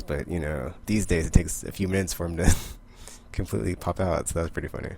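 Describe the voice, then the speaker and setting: A man with a deep, gravelly voice recapping his weekly comics in a loose, rambling way, leaning on "like" constantly. A faint hiss sits under the recording. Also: fast talker, a little mellow. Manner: rambling, heavy use of "like". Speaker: comic book vlogger.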